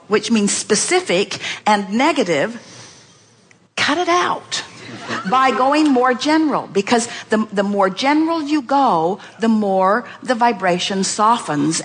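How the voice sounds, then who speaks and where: A woman speaks from a seminar stage, coaching an audience member. Her delivery is emphatic and repetitive, often quoting the listener back to them. Her mid-pitched voice rings with long reverb in a large hall, heard on an archived recording. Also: a little hiss or hum. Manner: emphatic, repeats phrases, quotes the listener back.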